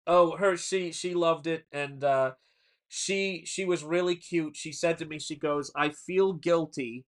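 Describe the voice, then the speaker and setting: A man's voice: on the high side, fairly even intonation, a little slow. A man hosting a casual livestream chat, telling long stories with frequent restarts and laughs. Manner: rambling storyteller, restarts and laughs. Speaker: livestream host.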